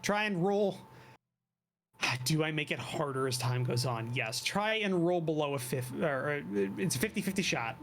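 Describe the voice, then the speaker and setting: A game master running a live tabletop game, laughing often and tossing in quick asides while calling rolls and narrating. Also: medium pitch, lively intonation, a bit bright, slight background noise.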